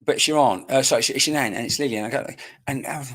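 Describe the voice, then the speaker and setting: A man at a computer microphone, working through a live mediumship reading. His talk is chatty and searching, full of asides, and he calls out to viewers by name. His voice sits at a middling pitch. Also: fast talker, a bit bright. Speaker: psychic medium.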